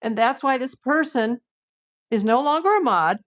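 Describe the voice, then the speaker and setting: A frank, outspoken woman chatting on her livestream in a voice pitched a bit high. She talks bluntly, acts out what her commenters say, and laughs easily between points. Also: expressive, moderate pace. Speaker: livestream host. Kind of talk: casual livestream chat.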